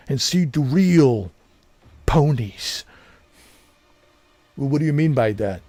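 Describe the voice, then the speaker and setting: A man doing an impression of a boastful, gruff middle-aged former wrestler turned governor, taunting and challenging. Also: mid-range voice, darkish tone, no room sound, exaggerated voice.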